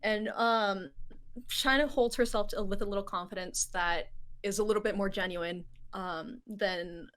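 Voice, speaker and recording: Woman player, gentle and halting narration, mid-range voice. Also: medium pitch. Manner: hesitant, many fillers, gentle. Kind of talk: narrating a character in a tabletop game.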